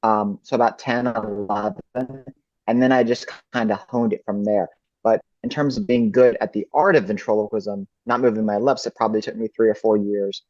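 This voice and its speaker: Male ventriloquist guest, lowish voice, thoughtful, in a dry, muffled recording. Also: fairly even intonation, moderate pace, darkish tone, no echo. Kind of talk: casual interview answers.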